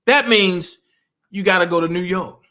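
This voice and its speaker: A man hosting a casual commentary monologue, animated and taunting as he reads out legal papers. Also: high-pitched, moderate pace. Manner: animated, taunting, reading legal text aloud. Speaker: political commentary host.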